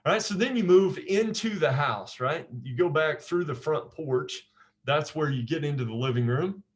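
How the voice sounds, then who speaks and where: A man's voice: fairly high pitch, expressive, normal speed. A man, a naval officer, teaching a memory technique in an informal, conversational way, often repeating phrases and checking in with "right?".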